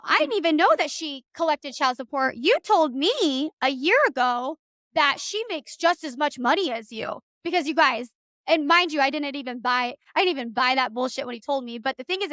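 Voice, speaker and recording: High-voiced woman ranting on her podcast. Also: dry recording, clean studio sound. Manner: animated and profane, acting out quoted dialogue. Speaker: podcast host. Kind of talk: casual storytelling rant.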